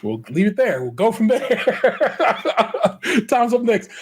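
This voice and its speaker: A man's voice: high voice, sing-song, slow, slight background noise. A man co-hosting a podcast, running through notes in casual, slang-heavy banter and laughing often. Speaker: podcast co-host. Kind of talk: casual chat.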